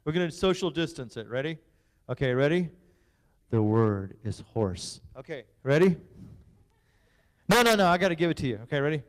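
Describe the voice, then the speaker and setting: A man's voice: fairly high pitch, very animated, moderate pace, long pauses. A man, a youth pastor, hosting a game night for kids in a playful, teasing, bossy way. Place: church hall. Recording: long hall reverb.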